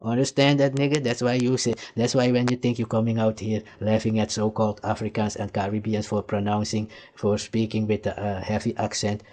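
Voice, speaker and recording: A man's voice: lowish voice, monotone, a little fast, hardly any pauses, darkish tone. Heated Surinamese man lecturing in commentary. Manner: heated, lecturing, repeats "you see" and "nigga". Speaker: commentator reacting to archive clips. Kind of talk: casual reaction commentary.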